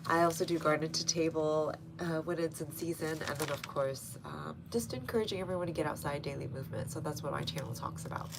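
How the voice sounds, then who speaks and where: A young gardening channel host from North Texas speaks fairly quickly with few pauses in a low, gravelly voice and a Texan accent. Streaming live from her front garden outdoors amid background noise, she stays chatty and easygoing, greeting viewers by name and laughing frequently.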